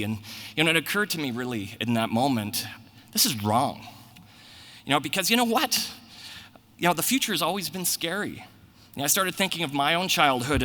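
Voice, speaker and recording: A man in his forties delivers earnest, conversational closing remarks at a conference, a little short of breath. His voice is bright and forceful. The sound carries the long reverb of a large hall. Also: medium pitch. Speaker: bank executive giving closing remarks. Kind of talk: conference speech.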